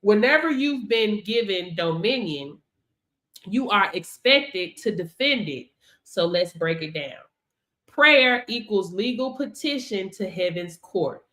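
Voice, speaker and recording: A woman, teaching faith on a livestream in an animated, preachy way and talking straight to her viewers. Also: mid-range voice, takes it slowly.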